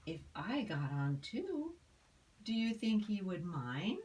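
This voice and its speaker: A woman's voice: mid-range voice, sing-song, slow, darkish tone. A woman voicing a polite, genteel little male spider in a storybook reading.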